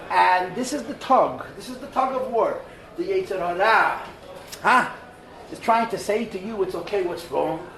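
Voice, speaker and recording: High-voiced rabbi lecturing in an echoey hall. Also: male voice. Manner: animated, mixes Hebrew and Yiddish terms, acts out voices in asides. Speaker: rabbi teaching a class. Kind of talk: animated Torah class lecture. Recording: roomy hall, voice from far off the mic.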